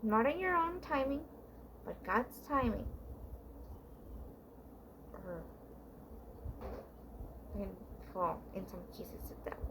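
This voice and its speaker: A woman talks straight to camera in a casual, confiding advice monologue. Her voice sits high. She rambles earnestly, restarting her sentences and leaning on fillers as she goes. A faint background hiss runs under her voice. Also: big pitch swings, slow pace, creaky, pauses often. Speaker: vlogger giving relationship advice.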